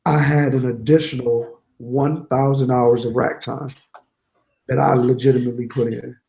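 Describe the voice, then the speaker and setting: A man being interviewed, telling a candid, animated story about his own setbacks and quoting others as he goes. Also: mid-range voice, moderate pace, gravelly, reverberant, rough recording. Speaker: guest, certified network engineer.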